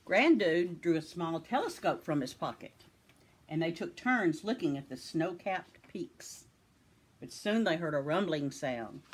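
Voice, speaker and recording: A woman from Tennessee reading a children's picture book aloud with expressive storytelling. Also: lowish voice, measured pace, husky.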